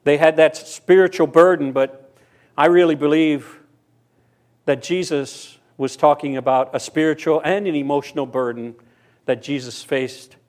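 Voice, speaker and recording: Casting: male preacher, fairly high voice, conversational storytelling sermon. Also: steady tone, a little slow, darkish tone. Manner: storytelling, voicing characters in quotes. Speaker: pastor.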